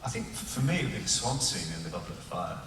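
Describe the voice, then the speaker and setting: A man's voice: deep voice, fast talker. A man on a convention panel who tells stories with lots of laughter. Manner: animated storyteller, laughing as he talks. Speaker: panel guest. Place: large convention hall. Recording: echoey hall from far off, noisy.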